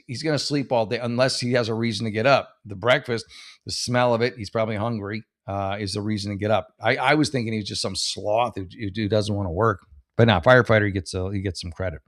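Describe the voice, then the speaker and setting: A man riffs through reader posts in a loose, rambling, sarcastic way, cursing freely and tripping over his own restarts. His voice sits at an ordinary middle pitch. The sound is dry and close, with no room echo at all. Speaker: host reading and reacting to advice posts. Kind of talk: casual comedic commentary.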